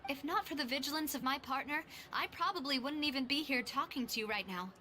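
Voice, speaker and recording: A woman's voice: sits high, fast, sharp tone. An actress voicing a confident young woman investigating a case in a video game, earnest and determined.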